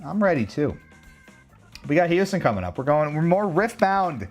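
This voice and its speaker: A man's voice: fairly high pitch, sing-song, moderate pace, faint music behind. A man chatting casually to his viewers while playing a racing game on a livestream, rambling and talking straight to chat. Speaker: streamer. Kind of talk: casual livestream gaming commentary.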